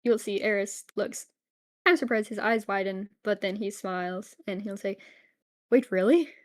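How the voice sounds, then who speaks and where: A woman narrating as game master of a tabletop game, in a relaxed way with frequent fillers. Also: mid-range voice, moderate pace.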